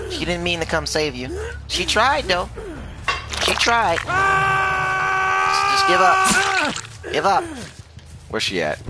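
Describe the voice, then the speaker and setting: A young gaming streamer with a mid-range voice gives casual, jokey commentary as he plays, laughing often and trash-talking the game. The audio is very noisy.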